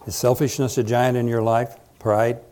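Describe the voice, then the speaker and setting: A man's voice: medium pitch, flat delivery, normal speed, a little mellow. A man preaching a sermon, retelling a Bible story with dramatic quoted lines and joking asides.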